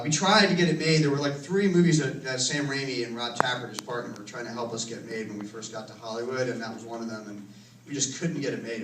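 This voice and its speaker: A man's voice: medium pitch, fairly bright tone. Man, casual Q and A, rambling anecdotes, echoey cinema hall, off-mic. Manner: rambling, self-correcting, laughs while telling stories. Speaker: filmmaker answering audience questions. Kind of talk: casual Q and A storytelling. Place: cinema auditorium. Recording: roomy, distant from the mic, faint noise.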